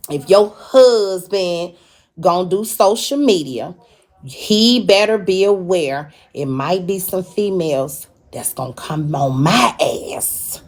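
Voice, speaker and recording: A woman delivers a live-stream rant at a deliberately slow pace, leaning on drawn-out words to drive each point home. She is confrontational and profane, laying out warnings like a host addressing her audience. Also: lowish voice.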